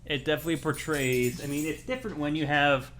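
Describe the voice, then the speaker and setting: A man's voice: fairly high pitch, fairly even intonation, fast, fairly bright tone, a little hiss or hum. A man co-hosting a gaming podcast, talking casually and rambling with many fillers. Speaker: podcast co-host.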